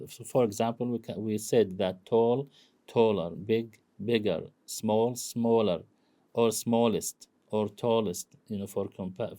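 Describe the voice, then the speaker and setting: A man lecturing on English grammar, explaining slowly and filling pauses with "you know" and "okay?". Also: medium pitch, dark tone. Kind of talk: recorded classroom lecture.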